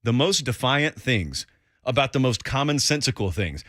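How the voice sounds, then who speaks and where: A man guesting as a college football analyst on a sports radio show, telling stories in an animated way and mimicking his critics. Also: mid-range voice, normal speed, dry recording, studio quality. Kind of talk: casual sports radio talk.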